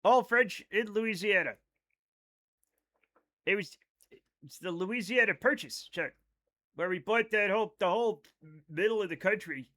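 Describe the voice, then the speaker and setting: A man's voice: high voice, a little slow, long pauses, pushed and bright. An American man in his thirties streaming a game live, joking casually and reading chat aloud. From United States. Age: 30s. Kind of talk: casual chat while gaming.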